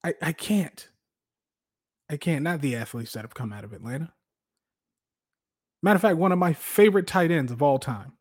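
Animated man hosting casual sports talk. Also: fairly high pitch, normal speed, long pauses, husky. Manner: animated, laughs often, restarts. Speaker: podcast host.

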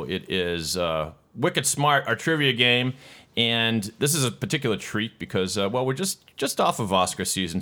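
Deep-voiced sports podcast host. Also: male voice, sharp tone. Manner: jokey, laughing, quick asides. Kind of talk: casual sports podcast chat and trailer narration.

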